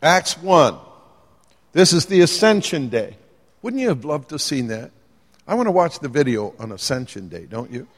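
A man's voice: on the high side, moderate pace. A man preaching a sermon to a live congregation, conversational and playful, joking and asking the audience questions. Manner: lively, conversational, jokes with the audience. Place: church hall with live congregation. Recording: long hall reverb.

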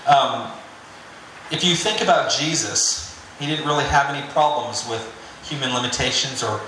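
A man's voice: medium pitch, normal speed, pushed and bright, slight background noise. A man preaching a sermon in a conversational, joking way. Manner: conversational and joking, with filler "you know". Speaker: pastor. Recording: very echoey room.

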